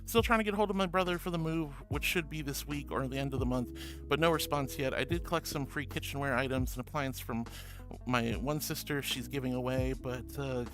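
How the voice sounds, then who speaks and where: A man's voice: mid-range voice, brisk. A man hosting a casual livestream, bubbly and affectionate, reading chat messages aloud and calling viewers honey and sweetheart. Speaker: streamer. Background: music.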